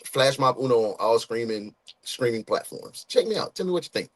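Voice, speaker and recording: A man hosting a casual livestream, talking in loose, playful slang and calling out viewers by name. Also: mid-range voice. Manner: animated, shouting out viewers by name; loose slangy street talk, quick and playful. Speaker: livestream host greeting viewers.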